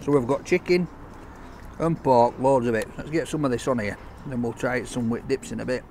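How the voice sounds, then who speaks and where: A man's voice: mid-range voice, a little fast, mellow, slight background noise. A man reviewing a takeaway meal in a chatty, enthusiastic, jokey way, talking outdoors on a street. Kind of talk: casual food review vlog.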